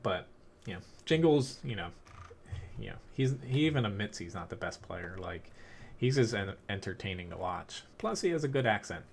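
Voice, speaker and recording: A man with a Philadelphia accent, chatting casually while streaming a tank game, rambling with lots of fillers and quick laughs. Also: on the low side, big pitch swings, gravelly, slight background noise. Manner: rambling, filler-heavy, laughs between thoughts. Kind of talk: casual live-stream commentary.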